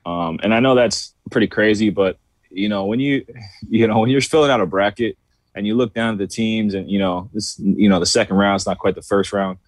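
A man co-hosting a sports podcast, rambling in a relaxed way and stopping often to say "you know". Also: fairly low pitch, brisk, no echo. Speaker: podcast co-host. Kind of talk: casual sports debate chat.

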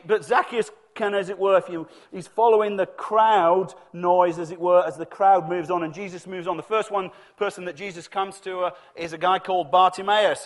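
A man preaching a sermon in a conversational storytelling manner, acting out the voices he quotes. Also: a little high.

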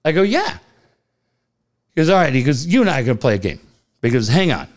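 A man's voice: medium pitch, very animated, fast. A middle-aged man co-hosting a podcast, telling stories in casual chat, acting out the dialogue and swearing freely. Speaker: podcast co-host.

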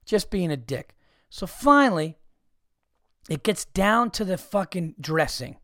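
A man's voice: high voice, animated, takes it slowly, pauses often, fairly bright tone, no echo, clean studio sound. A man hosting a podcast, telling a comic story in an exasperated, profane, mocking way. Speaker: podcast host.

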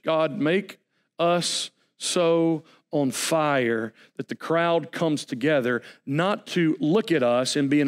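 A man preaching a sermon as pastor, animated and folksy, with jokes and asides to the congregation. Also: fairly high pitch.

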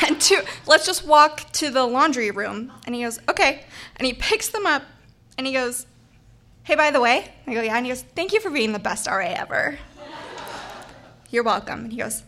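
A young woman telling a funny personal story on stage, animated and laughing, acting out the voices of the people in it. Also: sits high, brisk, a little hiss or hum. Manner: animated, acts out quoted voices, laughs often.

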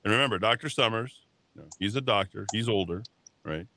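Combative talk radio host, forceful man. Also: lowish voice, fairly quick, slight background noise. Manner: combative, heated, mocks callers with put-on voices. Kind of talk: opinionated talk radio monologue.

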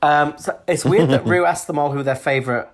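A man's voice: fairly high pitch, a little fast. A man co-hosting a podcast, chatting casually and gossiping about a TV show with sarcastic asides. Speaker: podcast co-host. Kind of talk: casual chat reviewing a TV show.

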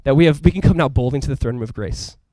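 Fast-talking, animated male pastor. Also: mid-range voice, no room sound. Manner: casual, conversational preaching with frequent asides; animated, emphatic delivery. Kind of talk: sermon.

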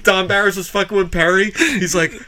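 A man's voice: high-pitched, steady tone, brisk, crowd noise. A man co-hosting a podcast, joking and teasing in casual banter. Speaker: podcast co-host.

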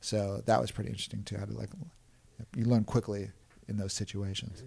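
A man with vocal fry, a slightly mellow, breathy edge, and little pitch movement talks briskly as a clown performer guesting on a podcast. His casual interview stories ramble with many restarts and chuckles. He acts out other people's panic in a higher voice.

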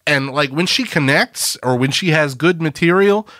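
A man's voice: a little high, moderate pace, no echo. Wry man co-host, dry close sound. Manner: wry, animated, swears freely. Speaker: podcast co-host. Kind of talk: casual chat.

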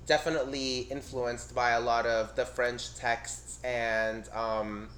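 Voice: medium pitch, flat delivery, slow pace, fairly bright tone, slight background noise. A podcast co-host in a casual chat, telling stories in a chatty way and mimicking other people. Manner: chatty storyteller, laughs easily, mimics people.

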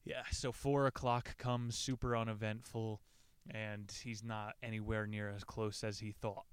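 A man's voice: lowish voice, little pitch movement, measured pace, clean tone, dry recording. A man casually retelling a survival story, joking and swearing freely as he reads passages aloud. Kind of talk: casual retelling with quoted readings.

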